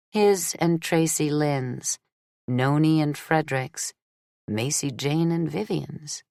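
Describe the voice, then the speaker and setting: A woman with a low voice reads a romance novel aloud at an unhurried pace. Her delivery is measured and steady, and the recording is close and dry with no room sound. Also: dry recording. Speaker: audiobook narrator. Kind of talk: scripted romance novel narration.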